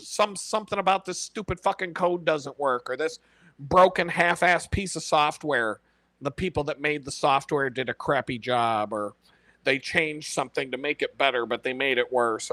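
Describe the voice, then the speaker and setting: A man hosting a casual live stream, talking in an animated, profane way and laughing often. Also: a little high, dry recording.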